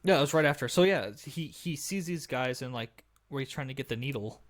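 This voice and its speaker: A young man on a casual podcast, retelling a film scene by scene in a loose, rambling way. He stops for fillers and then jumps into quick impressions of the characters. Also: mid-range voice, animated. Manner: rambling, full of fillers, acts out movie lines in a raised voice. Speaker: podcast co-host. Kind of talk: casual chat recapping a movie.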